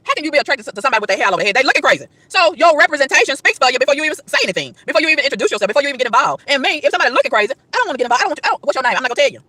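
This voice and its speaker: A woman preaching hard in a high, bright voice, her pitch leaping all over as she rattles through rhetorical questions at breakneck speed. She repeats and stumbles over words in her hurry, recorded outside with a dry, close sound. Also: sing-song, racing, few pauses, dry recording. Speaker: vlogger. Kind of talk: preachy street rant to camera. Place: outdoors in a park.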